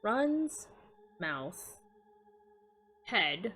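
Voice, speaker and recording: A woman's voice: medium pitch, big pitch swings, extremely slow, sharp tone, breathy edge. A woman streamer chatting casually on a live stream, working through riddles. She laughs often, swears in surprise and mutters the clues to herself. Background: faint background music.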